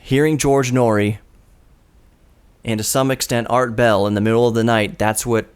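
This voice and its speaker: A man in his thirties hosts his own radio program from a studio microphone, sitting in the middle of the male pitch range. He talks earnestly in a storytelling way, with a dry habit of poking fun at himself. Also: steady tone, moderate pace, clean tone. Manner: earnest, storytelling, lightly self-deprecating. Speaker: radio show host. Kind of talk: reflective solo radio monologue. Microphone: studio broadcast microphone.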